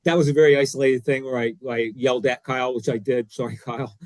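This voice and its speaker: A man co-hosting a podcast, telling a story in an excitable, emphatic, self-deprecating way. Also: mid-range voice, fast, no echo. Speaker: co-host, former defensive coordinator. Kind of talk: animated storytelling; casual podcast chat.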